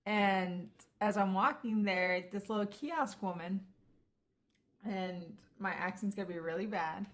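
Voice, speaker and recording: A woman's voice: mid-range voice, a little slow. A young adult woman in casual chat, telling a rambling story and laughing easily.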